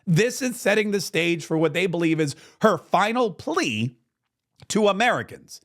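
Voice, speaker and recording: Guy with a pretty high voice ranting sarcastically about the news, worked up. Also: moderate pace. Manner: indignant, sarcastic, animated storytelling. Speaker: political commentary host. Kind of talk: opinion commentary monologue.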